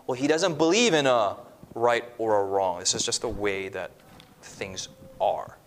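A man giving a lively religious teaching talk at a church seminar, acting out quoted voices and swinging his voice up and down for emphasis. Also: on the low side, measured pace, slight background noise.

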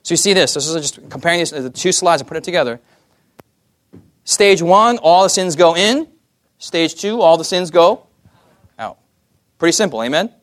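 A man preaching a sermon in a lively, joking way, often asking his listeners for an "amen". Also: fairly high pitch, normal speed, long pauses, no echo. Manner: lively, asks the audience "amen?" often, jokey asides.

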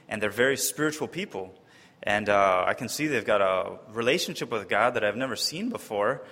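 A man from Wisconsin telling a personal testimony story in a lively way, acting out the voices of the people he quotes. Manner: lively, acts out quoted voices, often pitching up high in disbelief. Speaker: speaker giving a personal testimony. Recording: long reverb of a large hall.

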